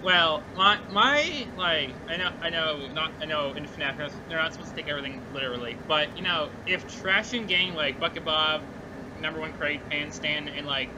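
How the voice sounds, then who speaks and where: Give me a halting male co-host with a slightly high voice and clear traffic noise behind him. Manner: halting, repeats himself. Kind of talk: casual gameplay chat.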